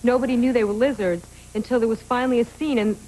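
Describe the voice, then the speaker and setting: An actress as a talk show guest, bubbly and chatty, laughing easily. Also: female voice, fairly high pitch, steady tone, quick pace, mellow, poor audio. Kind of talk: casual TV interview.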